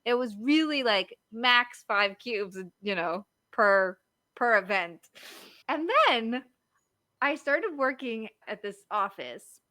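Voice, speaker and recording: A chatty woman in her thirties, talking easily and filling her stories with little fillers. Her voice sits a bit high and sounds bright, close and dry. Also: lively intonation, slow pace, dry recording. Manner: chatty storyteller, lots of likes and you-knows. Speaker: marriage coach. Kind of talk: casual podcast chat.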